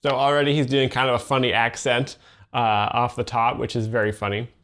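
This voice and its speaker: A man hosting and explaining jokes in a flat, deadpan, hesitant commentary. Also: medium pitch, fairly quick. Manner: flat, hesitant, full of fillers. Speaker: host and joke explainer.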